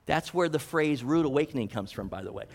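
A man acts out a Bible story in the first person, chatty and full of humorous asides. His voice is high and swings widely in pitch. A long hall reverb trails each phrase. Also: fast, creaky. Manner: animated, conversational, humorous asides.

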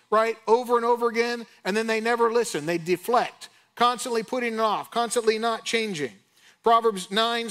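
A middle-aged man preaching a sermon in an earnest, conversational way, slowing down to stress key lines. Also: high voice, a bit bright. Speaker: pastor.

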